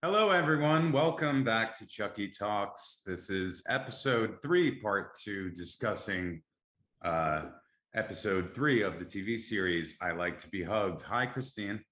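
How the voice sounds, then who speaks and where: A man hosting a casual podcast with a deep, bright-toned voice, chatting in an upbeat, enthusiastic way. His voice rings in an echoey room. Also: animated, unhurried. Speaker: podcast host.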